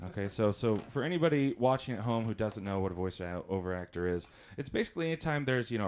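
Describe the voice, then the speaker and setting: A man's voice: fairly low pitch, darkish tone, a little hiss or hum. A man doing stand-up comedy, telling chatty stories, laughing at his own jokes and acting out voices.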